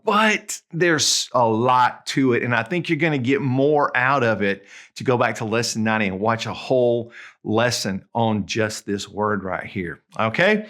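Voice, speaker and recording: A man with a Southern US accent gives a casual video lesson. He sounds friendly and chatty, at a mid pitch for a man, and slows down to spell out each example. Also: a bit bright. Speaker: Spanish tutor.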